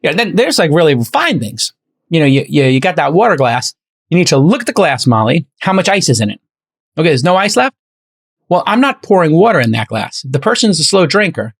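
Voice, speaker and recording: A middle-aged man hosting a podcast in casual chat, talking quickly in a somewhat high voice. He tells stories with energy and acts out both sides of each exchange. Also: breathy edge. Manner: animated storyteller acting out both sides of conversations. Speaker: podcast host.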